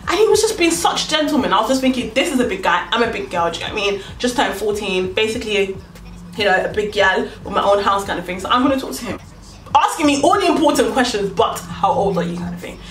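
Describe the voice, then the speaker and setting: Fast-talking woman telling a story. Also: on the high side, roomy sound, far from the mic, a little hiss or hum. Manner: animated, chatty storytelling, acting out quoted lines. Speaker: vlogger. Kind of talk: storytime vlog.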